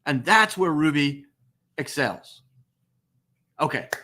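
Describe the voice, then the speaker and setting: Emphatic high-voiced man hosting. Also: slow pace. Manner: emphatic, repeats phrases, lively swings in pitch. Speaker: host. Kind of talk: enthusiastic business webcast talk.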